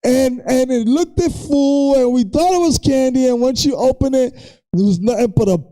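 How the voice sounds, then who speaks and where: A man with a strikingly high voice and a mellow, dark tone chats in a relaxed way. He tells his stories loosely and laughs often, like a podcast co-host swapping memories. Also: moderate pace. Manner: laid-back, laughs often while reminiscing. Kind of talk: casual chat.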